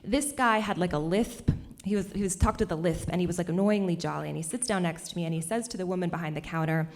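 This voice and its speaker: A young woman telling a personal story on stage at a cultural center, animated and laughing often between lines. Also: on the low side, fast.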